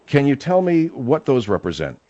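A man's voice: medium pitch, huge pitch swings, moderate pace, warm tone, no room sound. A male talk radio host keeps needling his guest with quizzical questions, often restarting mid-sentence. The sound is dry and close, with a dull, narrowed radio tone. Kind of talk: comedy talk radio interview.

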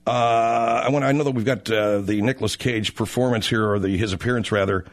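A man's voice: fairly low pitch, steady tone, fairly quick. A man hosting a radio talk show in a casual, brash, teasing, rambling way.

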